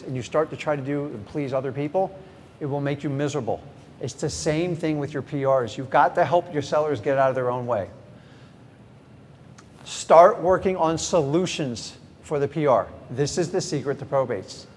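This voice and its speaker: Energetic middle-aged man teaching in an echoey hall. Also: on the high side, moderate pace. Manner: energetic, direct, acts out sample conversations; questions the audience, then answers himself. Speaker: real estate investing trainer. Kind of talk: live seminar teaching. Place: large event hall with a live audience. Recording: echoey hall, faint background noise.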